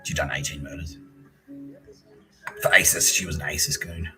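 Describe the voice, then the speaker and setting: A man's voice: extremely low pitch, level tone, moderate pace, bright, forceful tone, soft background music, poor audio. Profane rambling Australian man. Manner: profane, rambling, mimics people in quoted asides. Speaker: podcast host. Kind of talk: rambling solo podcast monologue.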